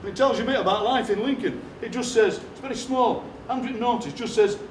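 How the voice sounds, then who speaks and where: A poet performing on a theatre stage tells comic anecdotes deadpan to a live audience, acting out other people's lines. His voice is extremely high and fast, recorded from a distance in a roomy hall with slight background noise and audience laughter.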